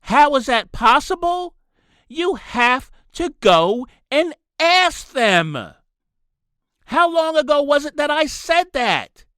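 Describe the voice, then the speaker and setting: A man's voice: extremely high pitch, very animated, takes it slowly, pushed and bright, dry recording, studio quality. A man hosting his own political podcast, ranting in a solo commentary and repeating his points for emphasis. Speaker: podcast host.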